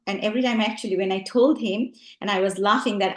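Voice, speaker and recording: A woman coach teaches in a reflective, unscripted way, often pausing on ums and uhs and softening on asides. Her voice sits at a middle pitch. The recording carries a noticeable room echo. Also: fairly even intonation. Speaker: relationship coach. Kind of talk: teaching talk. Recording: roomy echo.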